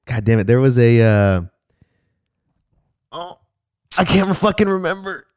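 A man's voice: mid-range voice, very animated, measured pace, darkish tone, smooth, no echo, clean studio sound. A man hosting a casual chat who laughs often and swears freely.

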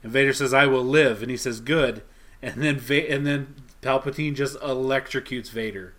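Guy on a podcast going over a comic he just read, rambly, keeps quoting lines, mid-pitched voice. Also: steady tone, moderate pace, fairly bright tone. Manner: rambling, retells scenes with quoted lines. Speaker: podcast co-host. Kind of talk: casual chat recapping a comic.

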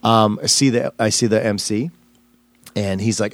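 A man's voice: fairly low pitch, steady tone, normal speed, no echo. A man, a stand-up comedian, telling a personal story in a casual interview, rambling with many fillers and restarts.

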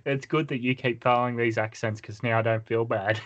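A man's voice: mid-range voice, fairly even intonation, brisk, muffled recording. A man co-hosting a casual wrestling podcast, moving the talk along and asking questions. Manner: steers the talk, asks questions. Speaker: podcast co-host.

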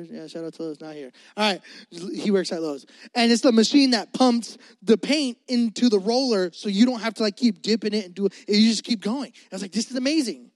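A man's voice: sits high, no echo. A young adult man preaching a casual sermon, chatty and full of fillers, often turning to the crowd with asides. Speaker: pastor.

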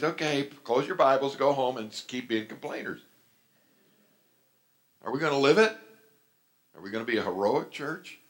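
Middle-aged male pastor, lively storytelling sermon, mid-pitched voice. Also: moderate pace, pauses often. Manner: animated storytelling, acts out quoted voices.

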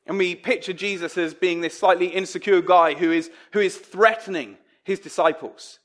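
Emphatic high-voiced male preacher. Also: moderate pace, a bit bright. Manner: emphatic, conversational preaching with dramatic quoted voices. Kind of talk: sermon.

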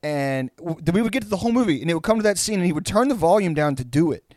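A man chatting casually on a podcast, his voice sitting a little high for a man. He rambles and restarts his sentences, stringing them together with "like". The sound is dry and close, with no room echo. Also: animated, very fast, a little mellow. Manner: rambling storyteller, many restarts and "like". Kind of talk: casual chat.

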